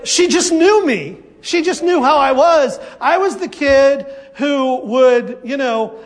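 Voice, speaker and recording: Man, pastor, very high pitch, animated sermon, church service. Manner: animated, acts out congregation voices.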